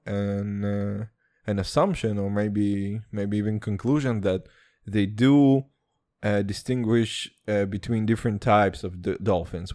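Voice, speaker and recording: Speaking in a lowish, slightly mellow voice, this young man runs a solo podcast in a loose, profane, self-deprecating style. His first language is Serbian or Turkish, giving him a mixed Eastern European and American accent. The recording is dry and studio quality.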